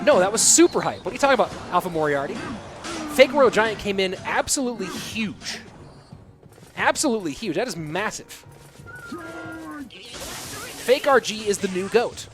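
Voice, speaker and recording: A man casting a live esports match, calling plays excitedly while chatting with viewers. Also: high-pitched. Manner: excitable play-by-play with hype bursts. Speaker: esports caster. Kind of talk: live game commentary mixed with chat replies. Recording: game music clearly behind.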